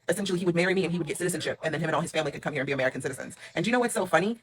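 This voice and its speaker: A woman telling a personal storytime to camera, rapid, emphatic and blunt. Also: on the low side, fairly bright tone.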